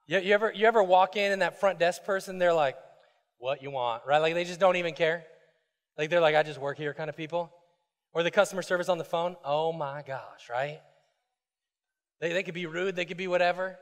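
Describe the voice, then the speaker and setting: A male pastor giving a casual, conversational sermon in a church, full of quick asides and restarts. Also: on the high side, in a large hall. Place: church sanctuary.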